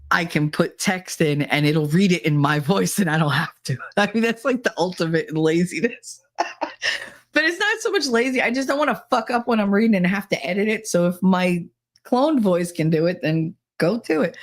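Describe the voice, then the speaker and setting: A middle-aged woman hosting a live podcast stream, chatting casually with viewers, teasing and swearing, often laughing. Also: fairly low pitch. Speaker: livestream podcast host.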